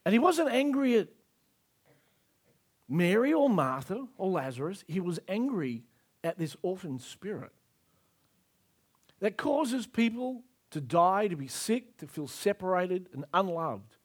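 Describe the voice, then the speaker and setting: Animated male preacher, high expressive voice. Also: a little slow, pauses often. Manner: emphatic, acts out scripture scenes. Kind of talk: sermon.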